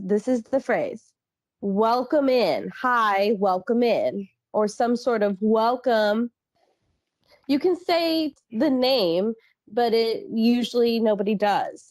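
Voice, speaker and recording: A woman from the Midwest with a Midwestern accent, co-hosting a podcast and telling animated stories with frequent laughter. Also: on the high side, no room sound. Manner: animated storyteller, laughs often. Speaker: podcast co-host. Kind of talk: casual chat.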